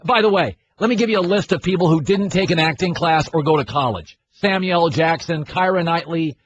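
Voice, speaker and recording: A man's voice: a little high, fairly quick, dull audio, a little hiss or hum. A man hosting a sports radio talk show, emphatic and opinionated, rattling off names.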